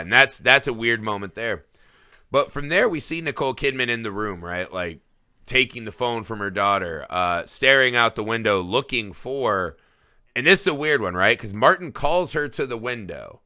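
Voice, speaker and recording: A man with a bright, forceful voice recaps film scenes on a podcast, cursing casually and acting out what the characters say. His sound is dry and close, with no room around it. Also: mid-range voice, expressive, moderate pace, no echo. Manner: storytelling recap, swears freely, acts out quoted lines. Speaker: podcast co-host.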